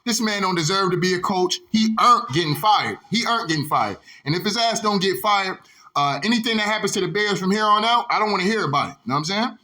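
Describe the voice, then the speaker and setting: A man's voice: high voice, bright, forceful tone. A man hosting his own sports vlog, ranting in a heated, profane, repetitive way and throwing "dog" into nearly every sentence. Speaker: sports vlogger.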